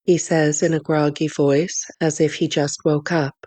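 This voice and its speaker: A woman reads a first-person novel aloud in a measured, clear storytelling manner. Her voice sits on the low side, and the recording is dry and close with no room sound. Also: little pitch movement, warm tone, no room sound. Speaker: audiobook narrator. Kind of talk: first-person audiobook narration.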